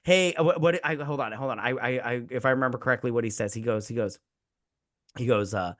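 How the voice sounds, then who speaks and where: A man's voice: medium pitch, fast, a bit bright. A man co-hosting a casual movie review chat, rambling and enthusiastic, full of fillers and quoted lines. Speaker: podcast co-host.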